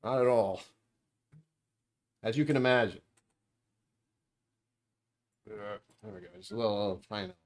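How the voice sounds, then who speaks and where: Low-voiced man rambling on a livestream. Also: measured pace, pauses often. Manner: sarcastic, meandering, self-deprecating. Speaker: livestream host. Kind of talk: rambling casual livestream chat. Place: at home, dishwasher running nearby.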